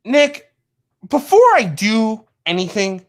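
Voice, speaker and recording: A woman's voice: sits high, animated, normal speed. A woman in a voice chat, speaking in an impassioned, lecturing way and piling up repeated questions. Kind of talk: heated voice chat confrontation.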